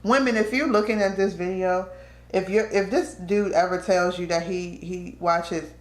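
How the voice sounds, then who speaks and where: Candid woman vlogger, low voice, echoey room. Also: fairly even intonation, moderate pace. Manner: candid, conversational, slips into quoted voices. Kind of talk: casual storytelling to camera.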